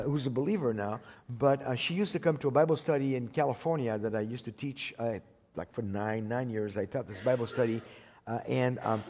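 A man's voice: medium pitch, a little mellow. A man giving a sermon as a personal story, talking conversationally with frequent restarts and repeated words. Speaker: Bible teacher speaking to a congregation. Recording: dull recording with long hall reverb.

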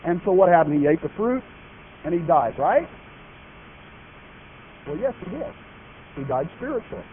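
A man's voice: high-pitched, big pitch swings, normal speed, pauses often. A man preaching a sermon, speaking emphatically and asking his congregation questions. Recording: tinny phone-like broadcast audio with faint noise.

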